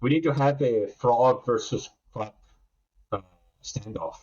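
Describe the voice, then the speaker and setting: A man's voice: medium pitch, a little slow, a little mellow, husky. A man co-hosting a podcast in a casual book discussion, easygoing and hesitant. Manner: easygoing, hesitant, many fillers. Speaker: podcast co-host. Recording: dull lo-fi sound.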